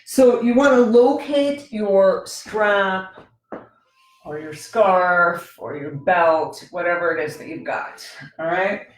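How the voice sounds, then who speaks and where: A woman teaching a gentle yoga class, talking the students through each pose in a relaxed, conversational way and often checking in with "right?". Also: mid-range voice, slow pace. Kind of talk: guided yoga instruction. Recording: very echoey room with faint music.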